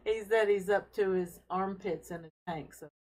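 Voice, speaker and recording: Woman, live-stream host, casual chat, very slow pace, mid pitch, friendly, handheld camera, home fish room. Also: a little mellow, low-quality recording. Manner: unhurried, friendly, talks while showing tanks, with fillers. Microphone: handheld camera she carries around.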